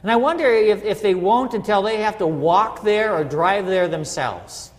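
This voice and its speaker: A man's voice: high voice, normal speed, long reverb tail. A middle-aged man preaching a conversational sermon as a pastor, often checking in with his listeners. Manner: conversational, asks listeners "right?". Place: church sanctuary.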